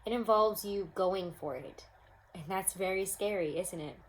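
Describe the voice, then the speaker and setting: A woman's voice: medium pitch, normal speed, a little hiss or hum, low-quality recording. A young woman giving a casual, upbeat tarot reading to camera at home, speaking straight to her viewers. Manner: chatty, upbeat, addresses viewers as guys. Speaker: tarot reader. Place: home room.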